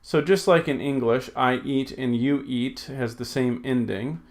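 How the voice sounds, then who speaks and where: Unhurried and mid-range, a man teaches Greek in a recorded lesson, working through exercises. He narrates his thoughts while typing, often correcting himself amid plenty of fillers.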